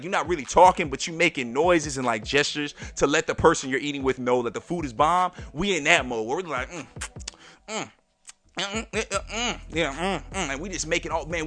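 A man hosting a podcast and telling a personal story in a lively, slangy way, talking straight to his listeners. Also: fairly high pitch. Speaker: podcast host.

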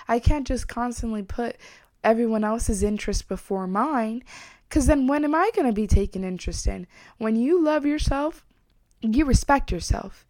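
A woman's voice: fairly high pitch, darkish tone, no room sound. A woman hosting a spoken self-help talk, earnest and personal, who repeats phrases for emphasis. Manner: earnest, reflective, openly personal. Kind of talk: motivational self-help monologue.

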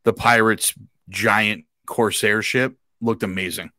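Man, podcast co-host, relaxed casual chat, lowish voice, dry close-mic sound. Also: takes it slowly, no echo. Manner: relaxed, easygoing, frequent agreeing yeahs.

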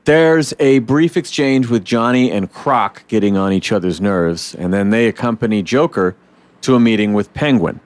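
Low-voiced man in swearing casual podcast chat. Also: moderate pace. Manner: animated, swears, acts out comic scenes in voices. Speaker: podcast host.

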